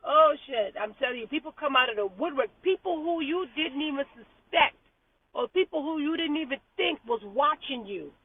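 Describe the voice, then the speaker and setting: Sitting in a car in traffic, a woman vlogger chats animatedly, repeating herself and laughing often. Her voice is high and a little fast, and being far from the mic gives it a tinny, phone-like sound.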